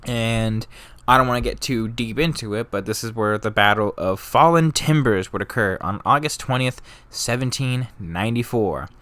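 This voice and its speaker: A man's voice: mid-range voice, moderate pace, a bit bright, dry recording. A young man narrating history in a casual, rambling, joking and profane way. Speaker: history vlogger.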